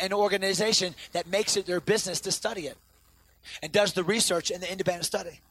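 Animated, bright-voiced male pastor preaching. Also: high-pitched. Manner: animated, swings from loud outbursts to quiet intensity. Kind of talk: sermon. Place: church sanctuary before a congregation.

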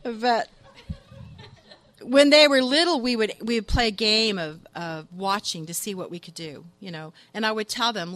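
Lively, laughing grandmother preaching. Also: mid-range voice, normal speed, dry recording. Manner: lively, chatty, laughs often. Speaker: church speaker. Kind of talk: sermon with humorous anecdotes.

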